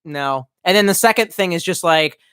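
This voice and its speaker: A man's voice: fairly high pitch, moderate pace, a bit bright, smooth, no echo. A man rambling through a casual live stream, swearing freely and reacting to viewer comments as he goes. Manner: profane, rambling, reacts to chat.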